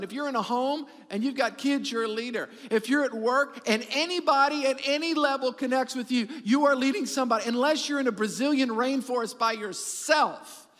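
A middle-aged man preaching a sermon as pastor, animated and repetitive for emphasis, joking with his congregation. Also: extremely high pitch, in a large hall.

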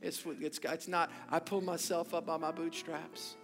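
Emphatic preaching man, high gravelly voice. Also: level tone, moderate pace. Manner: emphatic preaching with repeated phrases and rhetorical questions. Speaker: pastor. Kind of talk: sermon. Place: church sanctuary during a service. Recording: long hall reverb with faint music.

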